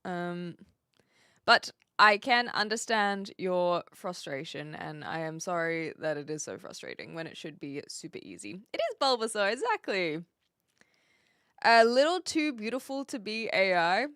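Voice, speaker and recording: A woman's voice: on the low side, sing-song, unhurried, bright, forceful tone, clean tone, dry recording, clean studio sound. A woman from New Zealand with a light accent, chatting casually with viewers on a live stream, laughing often and trailing off mid-sentence.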